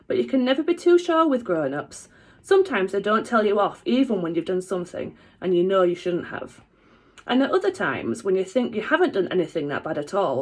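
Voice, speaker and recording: Expressive woman reading a children's book. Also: mid-range voice. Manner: expressive, animated. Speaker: teacher reading aloud.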